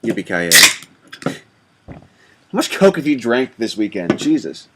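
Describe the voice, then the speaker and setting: A man with a medium voice whose pitch moves around a lot, co-hosting a casual web show. He chats with a friend and drops in short, dry, sometimes profane remarks. A clear hiss of noise sits behind him. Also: sing-song, a little slow. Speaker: co-host. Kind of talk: casual chat. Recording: noisy background.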